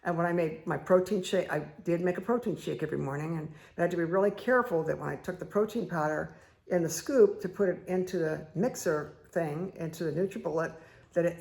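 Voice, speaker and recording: Woman meditation host, heavy vocal fry, chatty storyteller who rambles with lots of fillers. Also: low-pitched, darkish tone. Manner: rambling, many fillers and asides. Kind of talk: casual personal storytelling.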